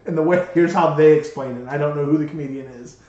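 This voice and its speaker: This podcast co-host has a fairly high voice and talks a little fast, rambling through animated stories and restarting often in casual chat. The sound is lo-fi and dull, recorded in an echoey room.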